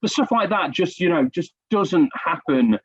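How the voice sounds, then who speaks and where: A man's voice: high-pitched, expressive, normal speed, husky. A man telling stories in a casual podcast chat, self-deprecating and chatty. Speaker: podcast guest. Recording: dull lo-fi recording.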